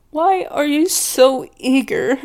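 A woman's voice: high voice, full character voice. A woman voicing a possessive, volatile woman who scolds the listener as her pet in an audio role-play, domineering and scornful, dropping at times into whispers. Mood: pleading, hurt.

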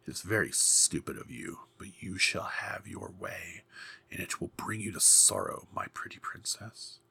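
A man voicing a scheming old female sea witch in a hoarse, menacing whisper. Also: low voice, expressive, a little slow, bright, forceful tone, exaggerated voice. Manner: sly, menacing.

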